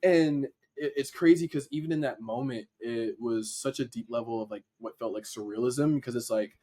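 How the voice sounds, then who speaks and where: A young man with a medium-pitched, dark-toned voice speaks fairly quickly. He's a guest on a podcast, a dancer and editor, casually telling a story, acting out what people said and swearing now and then.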